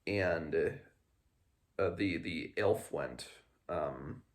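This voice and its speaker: A man's voice: sits low, extremely slow. A man hosting a casual book discussion podcast, rambling through a chapter with fillers and self-corrections. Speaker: podcast host.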